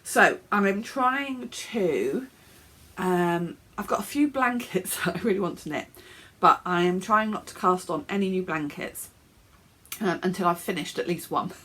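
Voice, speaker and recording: Chatty, snuffly English woman, low voice. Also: measured pace, a bit bright. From England. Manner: chatty, rambling, with fillers and little laughs. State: snuffly, coughing. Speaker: knitting podcast host. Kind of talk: casual show-and-tell chat. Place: home office, indoors.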